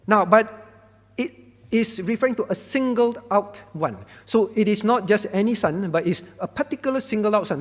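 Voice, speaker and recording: With a long reverb tail trailing his words, a high-voiced man serving as pastor explains a Bible question to his congregation in a Q&A teaching. He often pauses to check in with "all right?"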